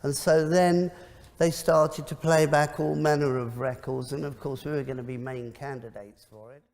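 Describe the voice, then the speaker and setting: A man with a slightly high voice tells a rambling story in a casual archival interview clip, repeating phrases as he talks. The sound carries a long reverb tail from a live space. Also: fairly even intonation, moderate pace, gravelly, darkish tone. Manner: chatty, repeats himself. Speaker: interview guest.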